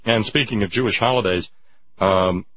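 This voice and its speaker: A man's voice: lowish voice, moderate pace. A man hosting political talk radio, emphatic and sarcastic, chatting with listeners through a dull lo-fi radio recording. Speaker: radio talk show host.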